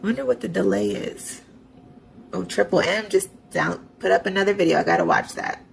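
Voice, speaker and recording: Chatty woman with heavy vocal fry. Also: mid-range voice, normal speed, slight background noise, rough recording. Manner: chatty, sarcastic asides, talks to herself. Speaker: budgeting vlogger. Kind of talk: casual narration of online banking.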